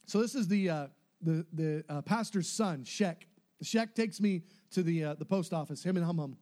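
A man's voice: on the high side, moderate pace. A young man telling a story casually, acting out what others said in shifting voices. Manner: animated, acts out quotes with shifting voices. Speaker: storyteller recounting a mission trip.

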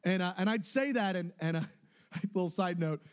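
High-voiced, lively preaching man. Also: fairly quick, smooth. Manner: animated, laughing storyteller who acts out quoted voices. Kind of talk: sermon storytelling.

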